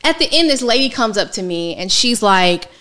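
A woman financial coach telling her story in a candid, casual interview, animated and colloquial. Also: medium pitch, moderate pace. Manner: lively, colloquial, animated retelling with quoted asides.

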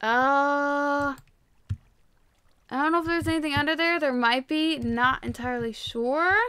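A young woman playing a game and commentating, excitable and quick to gasp and shriek. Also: high voice. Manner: excitable, gasps and shrieks often. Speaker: gaming YouTuber. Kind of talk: Minecraft let's-play commentary.

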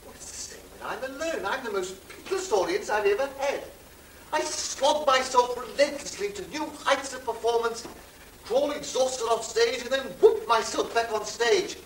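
An actor playing a vain, witty aesthete in a theatrical stage monologue. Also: male voice, extremely high pitch, moderate pace, a little hiss or hum. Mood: languid witty. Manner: languid, theatrical, self-mocking. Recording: roomy theatre from far off.

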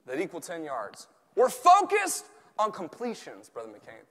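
A man with a Southern accent delivers a lively sermon, joking with the room and then building to near shouts. His voice sits a bit high and rings bright and forceful. A long reverb trails each line through the church hall. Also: unhurried. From Tennessee. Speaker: preacher.

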